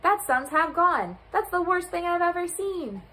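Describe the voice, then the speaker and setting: A woman's voice: extremely high pitch, big pitch swings, measured pace, sharp tone, pitched above the performer's own voice, full character voice, poor audio. A woman voicing a grumpy, selfish male goat who scoffs at the others, in a children's storybook reading. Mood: alarmed. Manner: gruff, scoffing.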